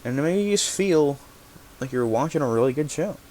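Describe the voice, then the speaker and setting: A man's voice: on the high side, animated, a little fast, darkish tone. A young man hosting a podcast segment, talking casually and rambling, often correcting himself and swearing now and then. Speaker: podcast host.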